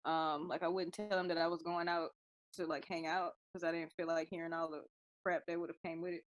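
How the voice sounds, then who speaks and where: A woman's voice: lowish voice, flat delivery, fairly quick. A woman guest on a podcast call, telling easygoing personal anecdotes. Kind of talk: casual chat.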